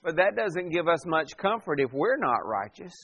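A man pastor preaching a sermon verse by verse, swelling for emphasis and dropping to a hush. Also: fairly high pitch, very animated, moderate pace, slightly rough, lo-fi sound.

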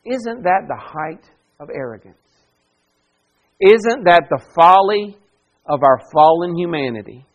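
A male pastor preaching an expository sermon, emphatic and given to repetition, swinging between hushed and loud. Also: a little high, expressive, unhurried, long pauses, highs cut off.

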